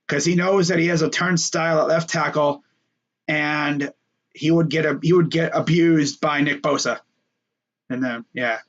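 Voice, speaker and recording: Young male sports host, slightly high, loose and jokey, muffled home-mic sound. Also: a bit bright. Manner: joking, rambling, fillers and trash talk. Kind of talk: casual solo sports talk.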